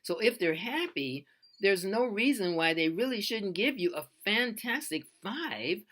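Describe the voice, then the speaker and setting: Bright-voiced freelancer giving casual advice. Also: mid-range voice, animated, a little slow. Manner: earnest, loose and repetitive, with many restarts. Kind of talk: casual how-to advice talk.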